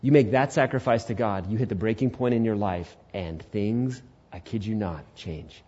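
A man in his twenties preaching a sermon, telling the story in a lively way and swinging between loud bursts and hushed lines. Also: fairly low pitch, normal speed, dull audio. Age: 20s. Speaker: pastor.

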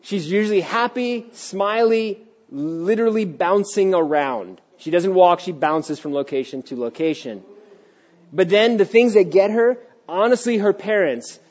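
A middle-aged man preaching a sermon as pastor of a church, animated and acting out little voices, sometimes dropping to a hushed tone. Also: sits high, unhurried. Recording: dull lo-fi sound.

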